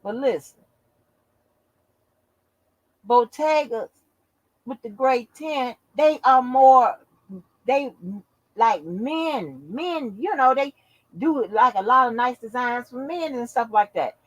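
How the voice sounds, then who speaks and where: A woman telling a story to her channel in loose, casual chat, swearing freely and acting out what people said. Her pitch swings widely as she talks, and the sound is dry and close, with no room echo. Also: slow pace, long pauses, dull audio. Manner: animated, profane, acts out quotes. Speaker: channel host.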